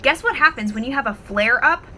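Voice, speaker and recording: Bright, expressive woman vlogger. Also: high-pitched, fairly quick, slight background noise, rough recording. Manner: expressive, animated, swears casually. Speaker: wellness vlogger. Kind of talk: casual talk to camera with storytelling.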